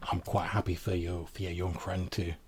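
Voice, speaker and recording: A man voicing a genteel old vampire crone woman who speaks formally and courteously, often halting and repeating words. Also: deep voice, level tone, darkish tone, a little hiss or hum, natural voice.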